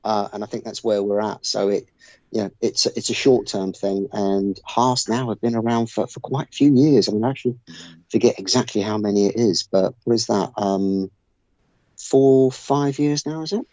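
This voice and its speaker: A man's voice: on the low side, normal speed, a little mellow, no room sound, dull audio. A man in casual podcast chat, thinking aloud with many fillers and restarts. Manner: thoughtful, hesitant with many fillers.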